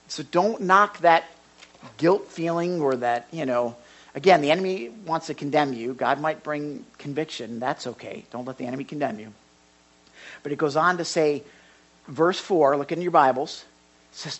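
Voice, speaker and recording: An older man preaching as a pastor in a conversational sermon, acting out little dialogues and swinging between loud and hushed delivery. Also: fairly high pitch, animated, normal speed.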